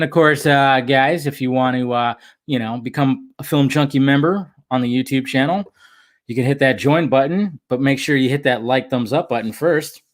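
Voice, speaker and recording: A man hosting a casual livestream from home, upbeat and chatty as he greets viewers by name. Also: a little high. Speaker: livestream host.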